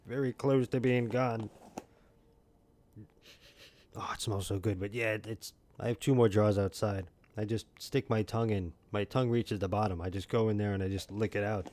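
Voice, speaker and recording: A man's voice: fairly low pitch, steady tone, a little fast, hardly any pauses, a little mellow, a little hiss or hum. A man streaming a video game from home, joking and rambling as he chats with his viewers by name. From New York. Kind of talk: casual gaming stream chat.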